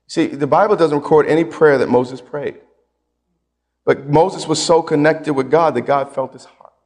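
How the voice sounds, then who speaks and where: A man preaching a sermon as pastor, emphatic and folksy, repeating phrases and swinging between loud and quiet. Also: a little high, fairly even intonation, moderate pace, big-room sound.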